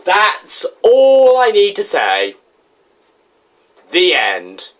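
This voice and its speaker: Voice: mid-range voice, wildly swooping pitch, drawn-out words. A game reviewer giving casual, goofy, rambling commentary with self-mocking asides. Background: game music.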